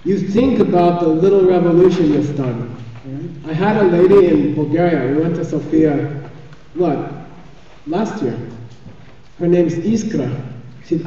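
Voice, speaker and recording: A man's voice: a little high, normal speed, long pauses, warm tone. A man giving a spiritual teaching in a chatty, joking way, often checking in with his listeners. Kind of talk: live dharma teaching. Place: large teaching hall. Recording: echoey hall, far from the mic, dull sound.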